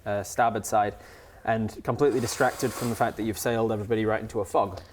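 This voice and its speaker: A man's voice: lowish voice, steady tone, fast, noisy background. Rambling man running a tabletop game. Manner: rambling, many fillers, laughs easily. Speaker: game master.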